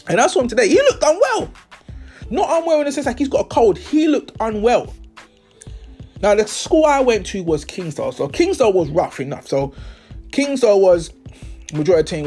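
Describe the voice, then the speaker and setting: A man's voice: high-pitched, a little mellow. A young man, hosting a podcast and telling stories in a casual, slangy, swearing way, acting out the people he talks about. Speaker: podcast host. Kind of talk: casual storytelling monologue.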